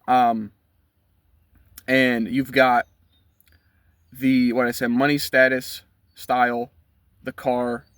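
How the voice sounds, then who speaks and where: A man's voice: mid-range voice, level tone, slow, pauses often, fairly bright tone, clear, resonant tone, no echo. A man, ranting bluntly and profanely from inside his car. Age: 20s. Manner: blunt, profane, heated rant. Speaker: vlogger. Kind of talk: ranting commentary.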